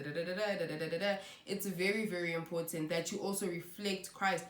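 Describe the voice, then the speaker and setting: A woman's voice: lowish voice, a bit bright. A woman giving an earnest, conversational faith talk to camera as a Christian vlogger, with many "you know"s. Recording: echoey room.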